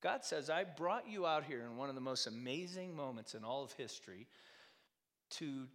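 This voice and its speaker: A man's voice: medium pitch, expressive, normal speed. Preaching man in a reverberant hall. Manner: conversational preaching, rhetorical questions, swings loud and soft. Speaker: pastor. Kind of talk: sermon.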